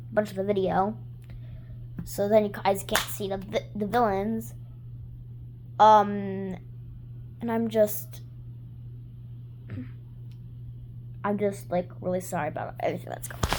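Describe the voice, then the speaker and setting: A woman's voice: mid-range voice, slight background noise. Rambling young woman reacting to a video. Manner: apologetic, rambling, jumps in loudly over the video. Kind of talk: casual reaction chat. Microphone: phone held while filming.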